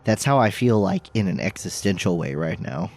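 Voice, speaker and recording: A man joins a tabletop game as a player, his voice on the low side. He talks in a wry, joking way between the game moves. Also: animated, moderate pace, a little mellow. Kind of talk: casual tabletop game play.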